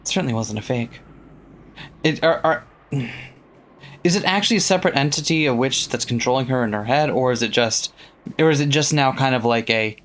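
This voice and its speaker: A let's play co-host reading a visual novel aloud and breaking in with joking, animated commentary. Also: medium pitch, fairly quick, slight background noise. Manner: animated, joking, laughs and swears.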